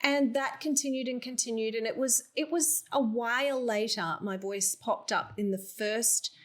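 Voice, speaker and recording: An Australian woman, a voiceover artist, chatting as an interview guest and telling lively stories with frequent laughs. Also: a little high, normal speed. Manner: animated storyteller, laughs often. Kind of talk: casual interview chat.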